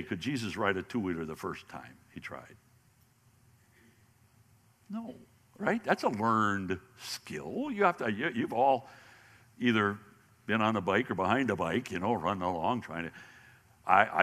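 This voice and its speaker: A man teaching a Bible lesson in sermon style, animated and often restarting his words, speaking to an audience in a large hall. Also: fairly low pitch. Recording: long hall reverb.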